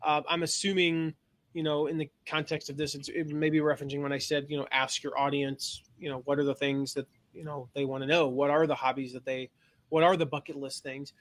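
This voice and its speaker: A man's voice: a little high, little pitch movement, fairly quick. A man hosting a casual webinar, rambling with lots of fillers and laughing at himself. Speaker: host.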